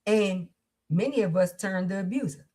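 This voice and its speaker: A woman with a mellow, mid-range voice hosts a livestream support circle at a normal speed. Her delivery is fervent and almost preacher-like.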